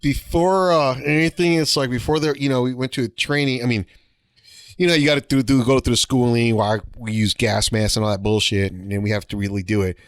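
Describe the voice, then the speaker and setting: A man co-hosting a podcast, telling boot camp stories in a casual, animated, profane way with acted-out quotes. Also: mid-range voice, a little fast, dry recording, clean studio sound. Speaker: podcast co-host. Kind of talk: casual storytelling chat.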